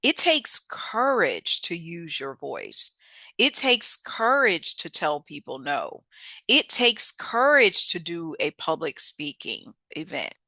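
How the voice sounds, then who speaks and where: Lively, bright-voiced woman giving a pep talk. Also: slow pace, no room sound. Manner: emphatic, folksy, laughs often, repeats key phrases; sudden swoops up in pitch for emphasis. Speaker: podcast host and author; singer and teacher. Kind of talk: motivational monologue.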